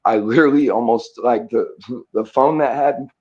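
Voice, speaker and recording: A man's voice: mid-range voice, normal speed, a little mellow, lo-fi sound. A man talking casually on a live audio chat, rambling and hesitant with many fillers and restarts.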